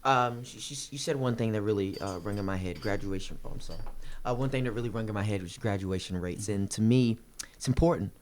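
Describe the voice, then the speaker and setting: A young man running for student government, answering a debate question in an impassioned, fast-rushing way, repeating phrases for emphasis. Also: fairly low pitch, a little hiss or hum. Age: young adult. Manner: rapid, rushing delivery.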